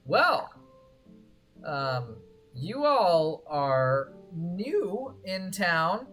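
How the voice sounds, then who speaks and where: A game master voicing a carefree young man with a relaxed, chummy manner who coos at his animal companion. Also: medium pitch, drawn-out words, faint music behind, pitched above the performer's own voice, exaggerated voice. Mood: breezy.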